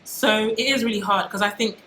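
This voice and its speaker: A woman's voice: mid-range voice, flat delivery, a little fast, a bit bright, slight background noise. Young British woman, vlogger, dramatic and emphatic, echoey room with faint ambience. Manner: passionate, dramatic, emphatic with repeated phrases. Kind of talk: casual talk to camera.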